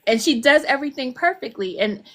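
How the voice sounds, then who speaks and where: Speaking briskly in a high-pitched voice, an older woman who is a guest author chats casually. She animates her stories by performing what her characters said.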